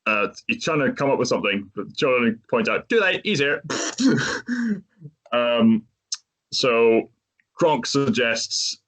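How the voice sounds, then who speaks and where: A man's voice: medium pitch, lively intonation, slow pace, a bit bright. A man hosting a podcast, retelling a movie's plot in a casual, chatty way and laughing often. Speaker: podcast host.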